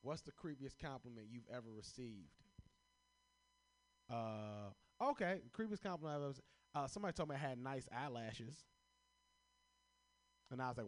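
A young Chicago man does stand-up, answering prompts pulled from a hat with profane stories and laughing at his own jokes. His fairly high voice is expressive, at normal speed, with frequent pauses.

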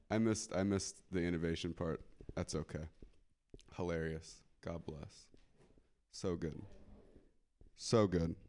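A man's voice: sits low, darkish tone. A man doing a live stand-up set on a club stage, crude and rambling, often laughing at his own jokes. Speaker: stand-up comedian.

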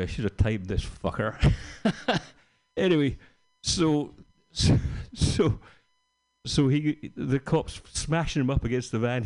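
A man's voice: medium pitch, a little mellow. A man doing a stand-up set, telling a rambling, profane anecdote and acting out the quotes. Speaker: stand-up comedian.

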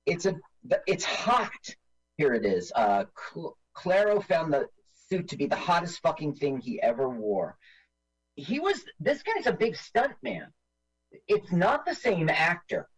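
A man with a lively, bouncing delivery and a slightly husky voice, joking his way through a casual movie-watching chat as co-host. His pitch sits a bit high for a man. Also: rough recording. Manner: animated, jokey, mimics lines in silly voices. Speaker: podcast co-host.

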